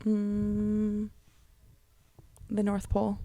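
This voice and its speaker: A young woman guest on a podcast, chatting and giving quick, playful answers. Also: mid-range voice, monotone, dark tone, dry recording. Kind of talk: casual chat.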